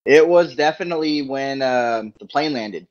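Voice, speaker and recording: Easygoing man, mid-pitched voice, lo-fi. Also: moderate pace. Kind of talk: casual chat. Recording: dull lo-fi audio.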